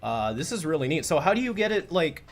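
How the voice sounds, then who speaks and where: A man's voice: on the high side, sing-song, quick pace, soft background music. Chatty man hosting a livestream. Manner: chatty and rambling, full of "like" and restarts. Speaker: webcomic creator hosting a livestream. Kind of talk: casual livestream chat.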